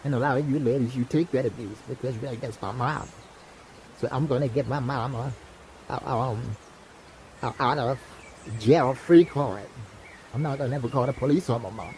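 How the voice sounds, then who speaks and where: Preachy guy ranting outdoors, dark mellow voice, cusses a lot, keeps saying you know what i mean, faint noise behind. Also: mid-range voice, moderate pace, low-quality recording. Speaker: self-styled teacher vlogger. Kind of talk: impassioned monologue to camera.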